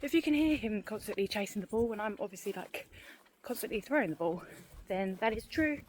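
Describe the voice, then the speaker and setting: A woman's voice: mid-range voice, expressive, a little fast, darkish tone, a little hiss or hum. A woman vlogger chatting casually while walking outdoors, rambling and a little out of breath. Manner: rambling, chatty, self-deprecating. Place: outdoors on a dog walk.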